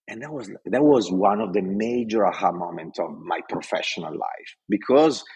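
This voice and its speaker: Husky-voiced Italian man, passionate storyteller. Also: fairly low pitch, big pitch swings, normal speed, hardly any pauses, a little mellow, rough recording. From Italy. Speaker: podcast guest. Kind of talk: interview storytelling.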